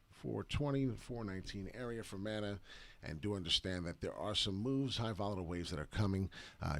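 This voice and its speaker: A man with a very low voice talks through crypto charts live, rambling and excitable, his sentences full of uhs. The sound is dry and close, with no room around it. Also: no room sound. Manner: rambling, excitable, many filler uhs, reacts to viewers by name. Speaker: crypto chart analysis livestream host. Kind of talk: live market chart breakdown.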